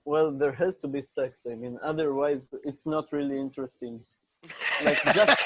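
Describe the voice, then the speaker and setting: A man's voice: a little high, unhurried, fairly bright tone, dry recording, low-quality recording. A man from Israel with an Israeli accent, a native Hebrew speaker, chatting bluntly and crudely as a podcast guest. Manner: blunt, crude, laughs often. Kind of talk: casual podcast chat.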